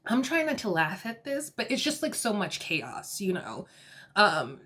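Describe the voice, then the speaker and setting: A woman giving a casual, animated recap of a reality show episode, exasperated and often laughing. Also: mid-range voice, a little slow, slightly rough.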